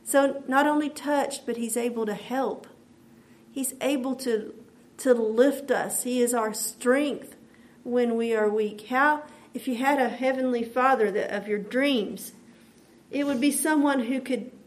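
Slow, earnest woman preaching. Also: on the high side. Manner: earnest, repeats phrases, slow emphatic build. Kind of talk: devotional sermon.

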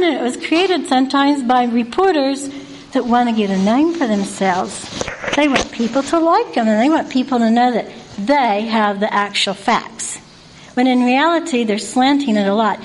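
High-pitched woman, folksy devotional talk, keeps asking rhetorical questions, earnest. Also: animated, normal speed, a little hiss or hum, low-quality recording. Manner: folksy and repetitive. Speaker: Christian devotional speaker.

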